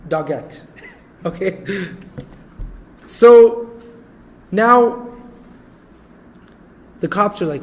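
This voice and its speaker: A male preacher telling a story in a conversational sermon, animated and often checking in with his listeners. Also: a little high, slow, long pauses, a little hiss or hum, low-quality recording. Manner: animated, conversational, repeats points with "you know" and "okay?".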